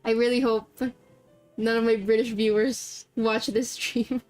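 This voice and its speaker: Bubbly filipina streamer, highish voice, reads the game out loud, little music in the back. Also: female voice, little pitch movement, measured pace. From Philippines. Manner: bubbly, gasping and giggling. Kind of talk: casual game stream with narration.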